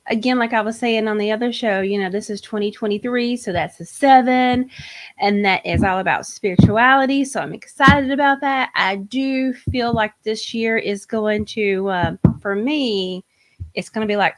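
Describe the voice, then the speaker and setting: Woman, tarot reader hosting a live stream, casual and energetic chat. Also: on the high side, moderate pace. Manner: chatty, warm greetings to viewers, energetic.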